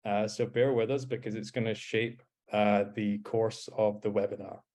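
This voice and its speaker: A man with a Scottish accent presenting in a webinar in a relaxed way, with many ums and uhs, over a video call mic. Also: lowish voice, moderate pace. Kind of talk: casual webinar talk.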